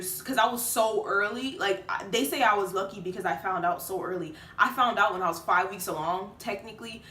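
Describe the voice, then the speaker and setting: A woman's voice: medium pitch, fairly bright tone, echoey room, slight background noise. A late-teen woman telling a personal story to the camera, chatty and casual with many fillers. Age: late teens. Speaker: vlogger.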